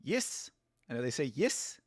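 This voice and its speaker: A man's voice: fairly high pitch, moderate pace, dry recording. Dry-voiced profane man commentating fights. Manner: animated, profane, sarcastic, laughs often. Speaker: show host. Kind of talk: casual live watch-along commentary.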